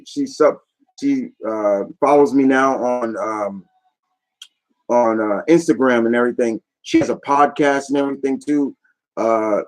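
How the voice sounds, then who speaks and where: A man recaps things for his vlog audience in an easygoing, rambling way. His voice sits in an ordinary middle pitch. He sounds eager and often lets a thought trail off before moving on. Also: darkish tone, rough recording. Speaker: YouTube vlogger. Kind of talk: casual chat recap.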